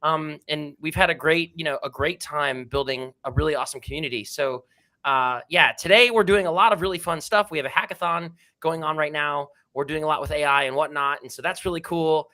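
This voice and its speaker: An enthusiastic male guest talks in a loose, slangy, upbeat way on a casual livestream. His voice is bright and a little high. He comes across as eager throughout. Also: a little fast. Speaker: guest, project founder.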